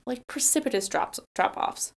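A woman's voice: fairly high pitch, lively intonation, moderate pace, vocal fry. A woman, a political candidate talking in a casual interview, earnest, with many fillers and restarts.

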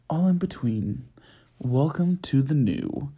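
A young American man hosts a casual solo podcast recorded at home at night, sassy and chatty with plenty of fillers. His medium-pitched voice is expressive, warm, and slightly rough, and he speaks at a slow pace.

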